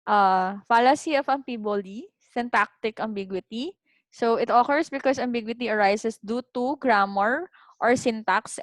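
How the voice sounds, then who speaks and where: A woman's voice: fairly high pitch, no echo. A woman with a Filipino accent teaching an online philosophy class, switching between English and Tagalog in a chatty way and often checking in with "okay?".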